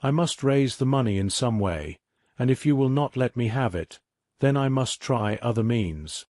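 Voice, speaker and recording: A man's voice: mid-range voice, lively intonation, normal speed, darkish tone, no room sound, clean studio sound, close to an everyday voice. A man voicing a proud, sullen young man who defends himself with defiance. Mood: defiant.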